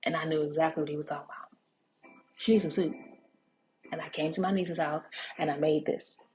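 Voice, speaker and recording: A woman's voice: deep voice, fairly even intonation, fairly quick, darkish tone, a little hiss or hum, low-quality recording. A woman giving a casual, chatty cooking demonstration, telling family stories with lots of fillers and restarts. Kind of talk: casual storytelling cooking demo.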